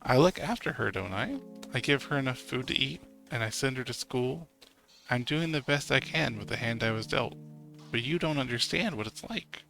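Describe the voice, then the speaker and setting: A man voicing a gruff, defensive middle-aged father who blusters indignantly. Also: medium pitch, lively intonation, moderate pace, pushed and bright, faint music behind, low-quality recording.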